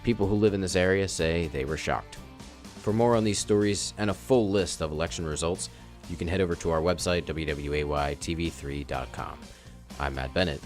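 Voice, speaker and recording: A man reading local news as a TV anchor, in a measured, formal delivery. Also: low-pitched, faint music behind.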